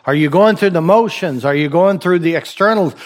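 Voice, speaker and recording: A man's voice: a little high, brisk. A man preaching a sermon to his congregation, pressing his point with rhetorical questions and repeated phrases. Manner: exhorting, rhetorical questions, repetition for emphasis. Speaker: pastor.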